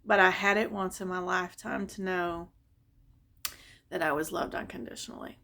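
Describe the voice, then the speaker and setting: Woman telling a story from her life, chatty and expressive, gets kinda wistful. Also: on the low side, normal speed, gravelly. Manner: conversational and expressive, wistful when reflecting. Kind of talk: personal storytelling vlog.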